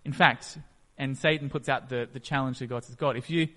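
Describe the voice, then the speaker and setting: A man's voice: medium pitch, steady tone, a little fast, a bit bright. A man preaching a sermon, retelling a story and acting out its scenes. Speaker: pastor. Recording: echoey hall.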